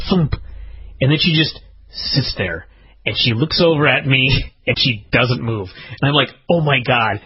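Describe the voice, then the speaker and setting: A man chats casually as a podcast co-host, telling a story full of swearing. His voice sits high and swings widely, jumping up into outbursts. The husky tone comes through on a dull, lo-fi recording. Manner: animated, profane, quick to jump to high-pitched outbursts.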